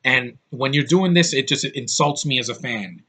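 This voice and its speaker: A man's voice: mid-range voice, normal speed, pushed and bright. A man ranting bluntly on a vlog, frustrated and exasperated, swearing often. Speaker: YouTube vlogger. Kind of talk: angry opinion rant.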